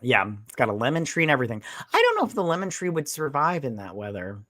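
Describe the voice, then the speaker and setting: A man's voice: a little high, huge pitch swings, fast talker, bright, forceful tone, no room sound, studio quality. A man co-hosting a casual movie review, retelling scenes and mimicking characters' lines. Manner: retells scenes, quoting characters in mock voices. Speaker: podcast co-host.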